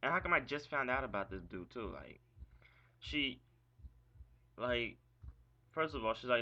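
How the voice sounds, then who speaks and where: Young man, agitated profane rant, rambling, bright voice, lo-fi webcam sound. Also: mid-range voice, expressive, measured pace, long pauses. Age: young adult. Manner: agitated, profane ranting with frequent "like". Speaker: vlogger venting about an ex. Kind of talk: ranting vlog monologue. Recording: dull lo-fi webcam audio with faint hiss.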